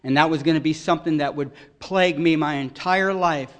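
A man giving an earnest, emotional personal testimony at a recovery meeting, voice swelling loud at its peaks. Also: a little high, fairly quick.

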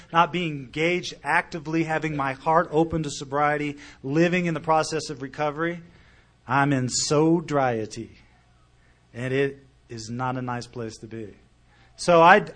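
A middle-aged man telling his recovery story to a group, animated and swinging from loud to quiet as he quotes other people. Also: on the high side. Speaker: speaker sharing recovery story. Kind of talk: storytelling talk at a recovery meeting.

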